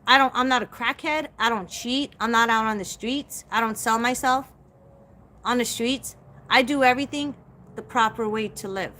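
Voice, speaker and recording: A woman's voice: fairly high pitch, moderate pace, sharp tone. A middle-aged woman hosting a live stream, talking straight to her viewers in a blunt, profane, emphatic rant. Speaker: psychic livestream host.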